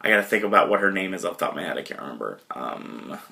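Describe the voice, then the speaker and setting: A man hosting a podcast, casually retelling a movie in a rambling way, with lots of fillers and quick impressions. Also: low voice, sing-song, gravelly, pushed and bright. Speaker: podcast host.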